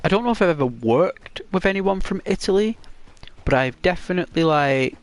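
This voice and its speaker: An English man hosting a gaming channel, rambling softly in casual, semi-ASMR gameplay commentary. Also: high voice, expressive, fairly quick. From England. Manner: soft-toned, rambling and chatty.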